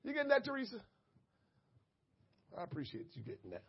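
A man preaching a sermon to his congregation, moving between quiet asides and shouted, impassioned emphasis. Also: high voice, wildly swooping pitch, a little fast, gravelly, dull audio, a little hiss or hum. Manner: addresses the congregation directly.

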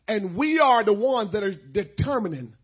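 Middle-aged male pastor, very high husky voice, sermon delivery that builds from hushed to shouted, emotional breaks, dull lo-fi sound. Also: expressive, normal speed.

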